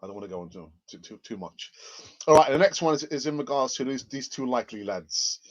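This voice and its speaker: A man's voice: medium pitch, big pitch swings, fast talker. A man hosting a live football news stream, chatty and rambling with sarcastic asides. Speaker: football channel host. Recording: dull lo-fi stream audio.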